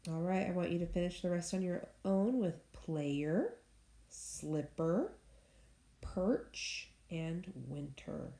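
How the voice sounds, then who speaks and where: A woman teacher leading a recorded phonics lesson for young students, speaking slowly and clearly and cheering them on as she sounds out words. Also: fairly low pitch, mellow. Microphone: tablet screen recording. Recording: echoey room with faint noise.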